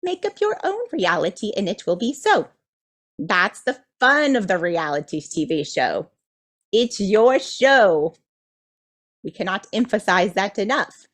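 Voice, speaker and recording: A woman's voice: mid-range voice, big pitch swings, a little slow. A woman channeler delivering a spiritual message as a collective "we", playful and enthusiastic, often checking in with her listeners. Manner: teasing, checks in with "do you see?".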